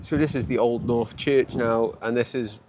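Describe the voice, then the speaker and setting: A man from England with a Stoke-on-Trent accent chats and jokes through a casual travel vlog, laughing often as he walks city streets outdoors. His voice sits at medium pitch with a steady tone and normal speed, and crowd noise fills the background.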